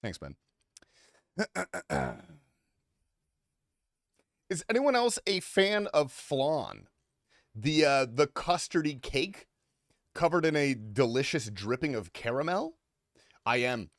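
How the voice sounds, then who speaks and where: Male streamer, casual and foul-mouthed, with animated pitch and a dry, deadened sound. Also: slow, pauses often, dry recording. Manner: crude, swears freely, rambling and offhand. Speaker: game streamer. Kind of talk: casual livestream chat.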